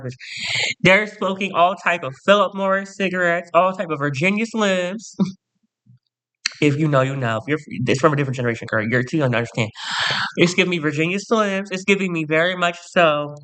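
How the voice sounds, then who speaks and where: A man's voice: sits high, a little fast, bright, forceful tone, smooth. A man telling a profane, sassy storytime rant to camera as a vlogger.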